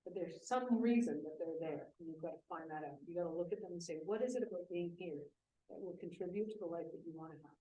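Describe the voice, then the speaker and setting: A woman speaking at a business event, telling a lively classroom story in a conversational way. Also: on the low side, fast, highs cut off. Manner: animated, conversational, voices quoted students. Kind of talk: storytelling talk. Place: event room. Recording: echoey room from a distant mic with faint hiss.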